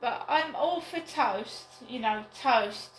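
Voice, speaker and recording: A woman rambling slowly and glumly in a casual solo vlog from her flat. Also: fairly high pitch, a little hiss or hum. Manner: slow, rambling, downbeat musing. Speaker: vlogger. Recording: roomy flat with faint ambience.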